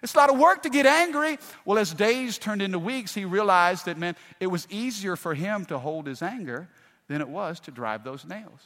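Pastor preaching in an echoing hall. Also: male voice, sits high, animated, moderate pace. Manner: folksy storytelling, swings from hushed to loud. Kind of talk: sermon. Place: large church hall. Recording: long hall reverb.

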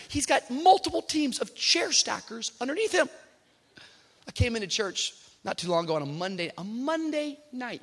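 A man preaching a sermon as a pastor, telling animated stories and building to shouted exhortation in a church. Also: high voice, husky. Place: church sanctuary. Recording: reverberant church hall.

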